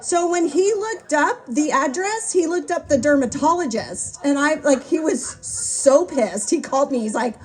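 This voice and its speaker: A woman's voice: high voice, lively intonation, moderate pace, hardly any pauses. A woman telling a funny story about her late husband at his memorial, chatty and laughing as she goes. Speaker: wife giving a eulogy. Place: memorial gathering.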